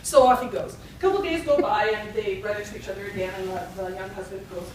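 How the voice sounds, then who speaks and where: A woman's voice: medium pitch, fast talker, hardly any pauses, a little mellow, slight background noise. A woman speaking to a retreat audience in a conversational, joke-telling way. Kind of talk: talk to an audience. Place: retreat hall. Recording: echoey hall, distant mic.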